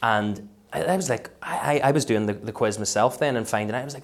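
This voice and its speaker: A man with a Belfast accent, a comedian chatting as a podcast guest and telling stories in a lively way. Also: lowish voice, fast. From West Belfast, Northern Ireland. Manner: lively storyteller who slips into voices. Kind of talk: casual interview chat.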